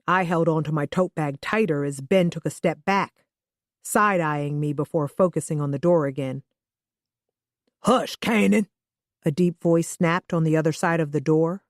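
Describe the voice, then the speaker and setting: A woman reading a first-person thriller audiobook in a steady, even manner. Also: low-pitched, normal speed, dry recording, studio quality. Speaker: audiobook narrator.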